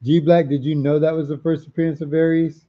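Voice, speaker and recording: A man's voice: a little high, flat delivery, brisk, dull audio. A man hosting a live comic auction stream, chatting casually, repeating prices and titles and reading out viewer comments.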